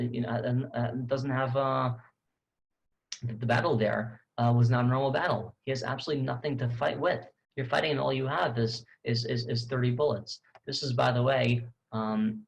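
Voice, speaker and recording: A man with a gravelly, creaky voice at an ordinary middle pitch tells a story as a tour guide. His talk is halting, full of restarts and repeated words, but it stays lively and conversational. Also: rough recording. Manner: conversational, animated retelling.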